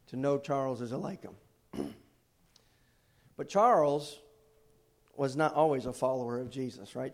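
A man preaching a sermon in a church, swinging from loud fervent declarations to quiet, folksy storytelling. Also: mid-range voice. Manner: preaching with rising intensity, then quiet storytelling. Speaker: pastor. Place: church sanctuary with balcony.

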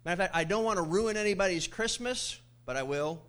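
A man's voice: high voice, fast. A middle-aged male pastor preaching a sermon to his church, telling stories with jokes and laughter. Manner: animated storytelling with jokes and laughs.

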